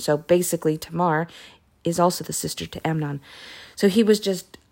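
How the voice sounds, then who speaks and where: Lady chatting through a bible story, lowish voice, lots of asides. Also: darkish tone. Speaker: podcast host reading the Bible. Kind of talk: casual Bible retelling. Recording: voice message recording.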